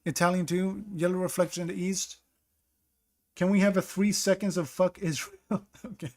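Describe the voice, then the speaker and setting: Brief: male streamer, slightly higher voice, casual running commentary, stops to greet chat by name. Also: little pitch movement, moderate pace. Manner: thinks aloud, greets chat mid-sentence.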